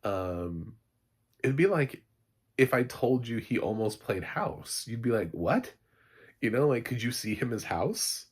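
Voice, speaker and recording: A man's voice: mid-range voice, expressive, measured pace, breathy edge. A man giving a casual, blunt spoken review of a TV show, exasperated and laughing in asides.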